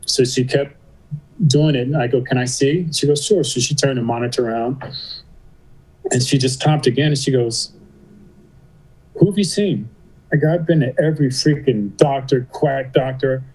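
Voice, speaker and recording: A man's voice: mid-range voice, moderate pace, rough recording. A middle-aged man, a podcast guest, telling a story in a casual interview, acting out the dialogue with lots of "you know" and "I go". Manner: animated storyteller, acts out quoted dialogue, says "you know" and "I go" often.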